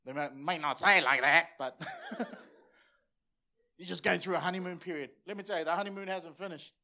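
An earnest, passionate man in his forties from Samoa preaching a sermon. His voice sits a little high and rings very bright and forceful. He doubles words as he presses each point. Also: fairly quick. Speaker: pastor.

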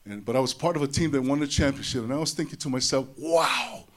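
A man giving a personal testimony to an audience. He talks in an animated way, repeats his words, and drops low and soft in tender moments. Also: fast talker. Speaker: speaker sharing a personal testimony. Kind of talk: emotional storytelling speech.

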